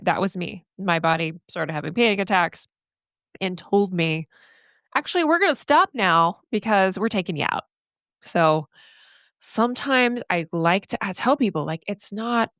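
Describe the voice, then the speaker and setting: A middle-aged woman hosting a solo podcast, speaking candidly and earnestly about therapist burnout, with an animated, casual manner. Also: mid-range voice, no echo, studio quality. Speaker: podcast host and therapist coach.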